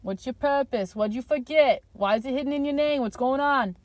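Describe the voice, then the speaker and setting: A woman vlogger talking to her viewers in a meandering, playful monologue full of slang, drifting between calm and loud. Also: high voice, a little fast, dry recording. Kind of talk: rambling stream-of-consciousness monologue.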